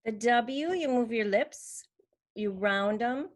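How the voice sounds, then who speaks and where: A woman with a fairly high voice explains speech sounds to teachers, slowly and patiently. She demonstrates each sound herself as she explains it. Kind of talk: slow instructional demonstration.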